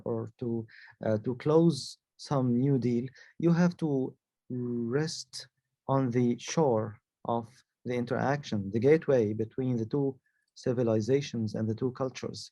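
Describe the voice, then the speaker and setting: Male panelist, Arabic first language; hesitant, halting delivery, warm and dry. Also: mid-range voice, no room sound. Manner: hesitant, many fillers and restarts. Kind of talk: panel discussion answer.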